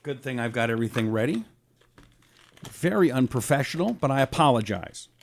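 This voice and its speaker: A man hosting a solo talk show, reading listener comments and talking in an animated, rambling way. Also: fairly quick, gravelly, slight background noise. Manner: animated, rambling, lively swings in pitch. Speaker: radio talk show host. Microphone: own broadcast setup, fixing a failed mic on air.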